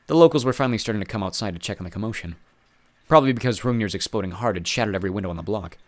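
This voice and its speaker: A man's voice: fairly low pitch, very fast, no room sound. A man reading a first-person adventure story aloud with dry, wry asides. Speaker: audiobook reader.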